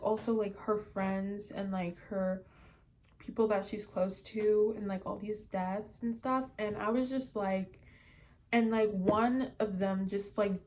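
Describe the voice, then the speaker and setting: A young woman talks through a book review in a loose, unhurried way. She rambles and restarts her sentences, leans on fillers and slips in giggles. Her voice sits at a middle pitch. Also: a little mellow. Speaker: book vlogger. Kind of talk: casual book review chat.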